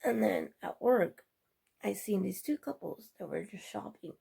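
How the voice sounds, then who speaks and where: Husky-voiced woman telling a rambling story. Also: medium pitch, measured pace, dark tone. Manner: rambling, chatty retelling with quoted dialogue. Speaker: vlogger. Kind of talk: casual storytelling vlog.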